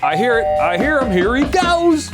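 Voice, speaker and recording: A man's voice: very high-pitched, sing-song, moderate pace, over loud music. A man hosting a podcast in casual chat, jokey and rambling, laughing often. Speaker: podcast host.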